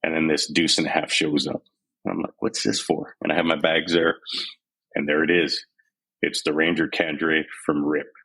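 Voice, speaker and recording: On a rough recording, a very deep male voice comes across flat, pushed and bright, slightly rough, at a moderate pace. He's a forties army veteran from San Antonio, Texas, a podcast guest telling his life story frankly and without guard, retelling scenes in quoted voices during a candid storytelling interview.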